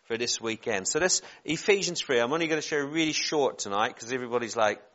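A man's voice: medium pitch, fast talker, a bit bright. Man, Northern Irish accent, forties, informal rambling sermon, self-deprecating asides, slightly muffled recording. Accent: Northern Irish, softened by years in England. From Northern Ireland. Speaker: preacher.

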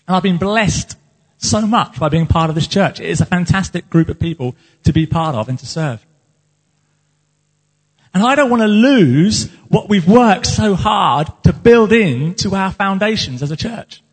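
A man's voice: sits high, lively intonation, unhurried, husky. A man preaching as the pastor of his church, speaking earnestly and with passion about his calling. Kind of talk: sermon. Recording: long hall reverb.

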